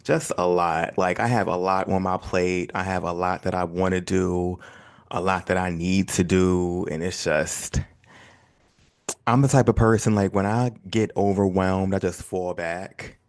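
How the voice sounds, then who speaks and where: A man from the United States hosting his own podcast in a relaxed, chatty, self-deprecating way. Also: deep voice, measured pace. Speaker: podcast host. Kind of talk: casual solo podcast chat.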